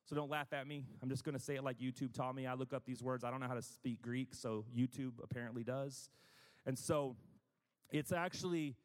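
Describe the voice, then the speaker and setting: A man delivers a relaxed, conversational sermon at an ordinary middle pitch. He talks in a chatty, self-deprecating way, full of asides. His voice rings with the long reverb of a church hall. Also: brisk. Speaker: preacher.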